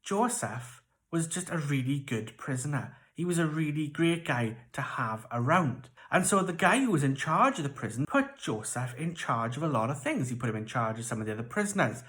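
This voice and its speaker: A children's church leader with a Welsh accent, telling a Bible story to kids in a playful, expressive way. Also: medium pitch, moderate pace, few pauses.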